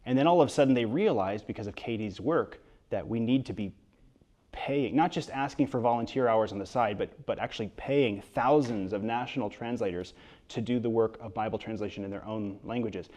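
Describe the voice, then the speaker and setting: Animated man telling a story. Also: lowish voice. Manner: lively, quick asides, frequent restarts. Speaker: author being interviewed. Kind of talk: storytelling interview talk before an audience. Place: event hall with an audience.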